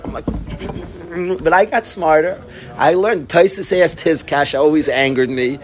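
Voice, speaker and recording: A man with a slightly higher voice leads an informal Torah class. He tells stories with animation and keeps dropping yeshiva terms into his talk. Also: moderate pace. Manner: animated storytelling, breaks into laughter and acts out his study partner; sprinkles Yiddish and Hebrew yeshiva terms. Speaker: Talmud teacher.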